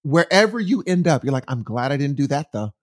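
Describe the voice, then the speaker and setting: A man chatting casually, recommending a book in a rambling, animated storytelling way with many restarts. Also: fairly high pitch, fairly quick. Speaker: guest sharing a book recommendation. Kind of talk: casual chat. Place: from California.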